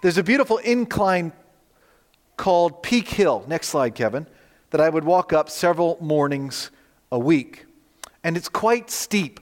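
A man with a slightly high voice delivers a sermon as a personal story, talking easily and lifting into livelier tones when he quotes himself. His voice rings with the long reverb of a large hall. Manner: storytelling, conversational, animated in quoted dialogue. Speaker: pastor. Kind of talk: sermon with slides.

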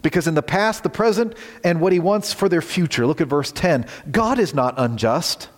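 A male pastor delivers an earnest sermon in a fairly high voice. He swings between strong emphasis and soft, hushed lines. His voice rings with the long reverb of a large hall. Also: fairly quick.

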